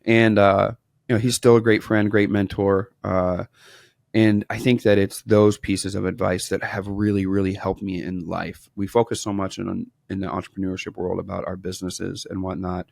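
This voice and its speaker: A man in his thirties from Wisconsin speaks as a guest on a podcast, telling stories about his life and his business. His voice sits fairly low and has a gravelly edge. The sound is dry and close, and he acts out the people in his stories as he goes. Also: normal speed, no room sound. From Wisconsin, USA. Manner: animated storyteller, acts out quoted dialogue. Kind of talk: casual interview storytelling.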